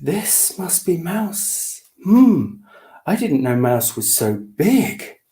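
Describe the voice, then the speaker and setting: A man's voice: fairly high pitch, very animated, drawn-out words, dark tone, pitched above the performer's own voice, exaggerated voice. Max, a man doing a bold little kitten. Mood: eager. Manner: eager and bold. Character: brave, polite little male kitten.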